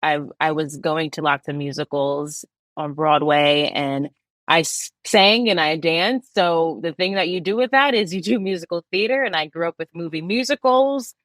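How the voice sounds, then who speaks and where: Low-voiced young Bronx woman. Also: moderate pace, a bit bright, dry recording. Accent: Bronx New York. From New York. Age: young adult. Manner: chatty, laughs often. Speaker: guest, Broadway performer. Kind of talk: casual interview chat.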